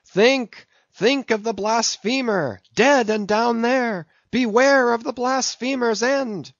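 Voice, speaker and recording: A frenzied male sailor-prophet rants in a voice pushed up high and loud, as a male audiobook reader puts him on. The storybook fanatic sounds vehement and doom-laden. The recording is dull and dry. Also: slow, dry recording, heavily acted. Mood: vehement warning.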